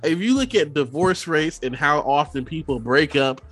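A man's voice: a little high, animated, normal speed, fairly bright tone. A man co-hosting a casual book podcast who rambles, restarts his sentences and laughs a lot. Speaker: podcast co-host. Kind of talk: casual chat.

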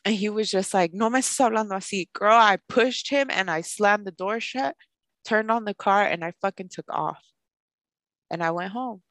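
A young woman podcast host telling a personal story in a casual, animated way, with lots of "like". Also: medium pitch, moderate pace, no echo. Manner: animated, fills speech with "like", acts out quoted voices.

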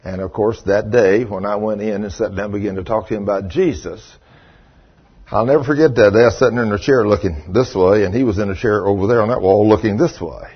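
A man's voice: lowish voice, fast talker, breathy edge. An older man preaching a sermon, telling a folksy story and acting out what people said. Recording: dull lo-fi sermon recording.

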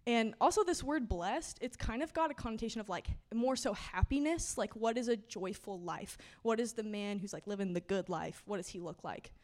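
A woman's voice: medium pitch, moderate pace, few pauses, darkish tone. A young woman, giving a chatty, heartfelt sermon full of fillers and laughter. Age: 20s. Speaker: preacher giving a testimony and teaching. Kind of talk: casual conversational sermon. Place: church service.

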